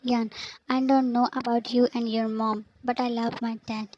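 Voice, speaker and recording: Woman reading scared young girlfriend, high, monotone. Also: normal speed, slight background noise, close to an everyday voice, rough recording. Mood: pleading. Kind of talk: scripted fanfic reading.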